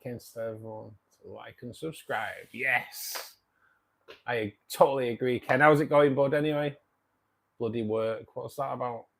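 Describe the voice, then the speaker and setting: This British live-stream host reads viewer comments in a gravelly, mid-range voice with a steady tone and moderate pace. His chat is friendly and laid-back, with occasional swearing and frequent chuckles.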